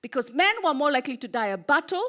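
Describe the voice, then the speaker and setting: A woman from Kenya performing a stand-up comedy set on a club stage, with punchy deadpan delivery and pauses for laughs. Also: sits high.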